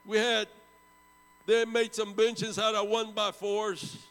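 A man in his seventies preaching a storytelling sermon, swinging from loud bursts down to hushed, low tones. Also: flat delivery, slow pace, clean tone, in a large hall, poor audio. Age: 70s.

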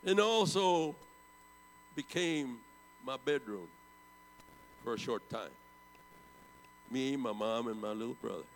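Gravelly older man preaching in a hall. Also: slow, pauses often, slight background noise. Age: 70s. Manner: swings from loud bursts to hushed low tones. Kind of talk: storytelling sermon.

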